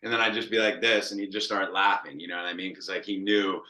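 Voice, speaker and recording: A man's voice: sits low, fast talker, reverberant, poor audio. A man in his thirties, a quarterback coach, telling stories in casual, profane talk and acting out quotes with lots of energy. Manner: profane, animated storytelling with acted quotes.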